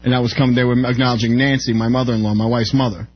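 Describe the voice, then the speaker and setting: A man's voice: medium pitch, level tone, rapid-fire, breathy edge, muffled recording. A man who is a guest on a radio show, earnestly insisting as he explains his story. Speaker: studio guest.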